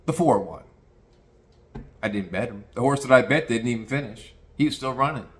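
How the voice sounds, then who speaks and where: A man's voice: mid-range voice, lively intonation, normal speed. A man telling a rambling, profane anecdote in a casual conversational way. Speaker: storyteller.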